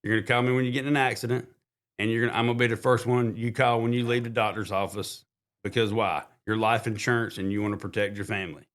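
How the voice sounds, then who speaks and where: A man, a guest insurance agent giving an enthusiastic sales pitch on a talk show. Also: fairly even intonation, quick pace, fairly bright tone. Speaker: guest, insurance agency manager. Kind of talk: casual interview.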